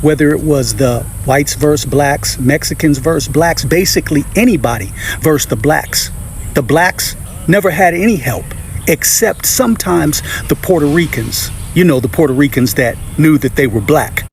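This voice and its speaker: A man's voice: a little high, animated, normal speed, gravelly, slight background noise. A man telling a true story in a matter-of-fact, pointed way. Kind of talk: storytelling monologue.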